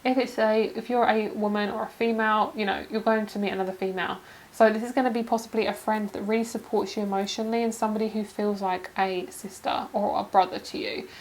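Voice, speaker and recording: Female tarot vlogger, mid-pitched, emotional and gushing, casual swearing, laughs a lot, talks to viewers as friends. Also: level tone, fast, rough recording. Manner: calls viewers girl and you guys. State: emotional, near tears. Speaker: tarot card reader. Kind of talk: pick-a-card tarot reading to camera.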